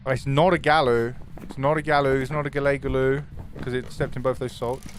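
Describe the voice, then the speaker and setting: A young man streaming a horror game, talking to his chat in an excitable, swearing manner. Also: mid-range voice, brisk, slight background noise. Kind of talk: live gaming stream commentary.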